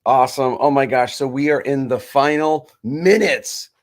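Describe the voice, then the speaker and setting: A man's voice: mid-range voice, moderate pace. A man co-hosting a livestream, reading viewer messages aloud in an upbeat way. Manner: upbeat, reads out chat messages.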